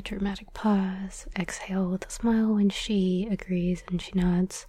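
A young woman talks about writing audio drama scripts in a soft, rambling whisper full of fillers and small laughs, as whispered role-play talk. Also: mid-range voice, level tone, unhurried, hardly any pauses, husky, no echo.

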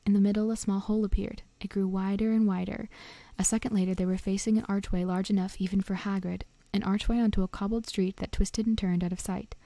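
A woman narrating a storybook in a gentle, half-whispered read-aloud, close to the mic. Her voice is gravelly with a mellow, dark tone. The room sounds dry. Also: mid-range voice, flat delivery, fast, hardly any pauses, no echo. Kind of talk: soft storybook reading aloud, partly whispered.

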